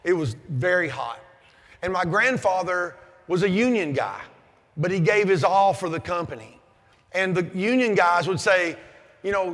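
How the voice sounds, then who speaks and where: A man in his fifties giving a loud, forceful motivational speech at a conference. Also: high-pitched, expressive, normal speed. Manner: loud, forceful, self-described aggressive and over the top. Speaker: conference keynote speaker. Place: large conference hall. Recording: long hall reverb.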